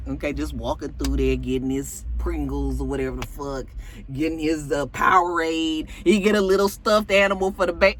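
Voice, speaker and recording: A woman casually recapping a TV episode in an animated, profane, joking manner. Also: low-pitched, slight background noise. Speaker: TV show reviewer.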